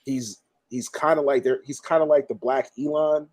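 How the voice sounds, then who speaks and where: A man's voice: medium pitch, steady tone, normal speed, darkish tone, no room sound. A man in casual podcast chat, rambling with many restarts.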